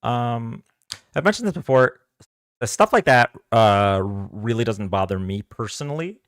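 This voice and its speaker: A man's voice: mid-range voice, animated, unhurried, no room sound, clean studio sound. A man hosting a live political debate stream, talking casually and hesitantly with many fillers and restarts.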